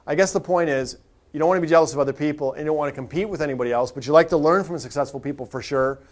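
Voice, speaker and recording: A man's voice: fairly high pitch, rapid-fire. A man telling a personal story as a motivational tip, conversational with frequent restarts. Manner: conversational, anecdotal with many restarts. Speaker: motivational speaker.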